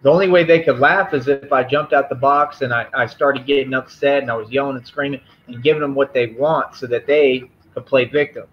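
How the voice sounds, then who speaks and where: Male streamer, mid-pitched, confrontational lecturing tone, dull lo-fi audio. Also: fairly even intonation, fairly quick, hardly any pauses, a little hiss or hum. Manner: confrontational, firm and repetitive, lecturing. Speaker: livestream host. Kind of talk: live stream rant to chat.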